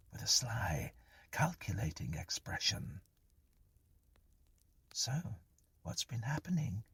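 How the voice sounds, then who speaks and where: Deep, husky, hushed male storyteller. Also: no echo. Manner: hushed, breathy, half-whispered delivery. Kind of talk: scripted horror narration.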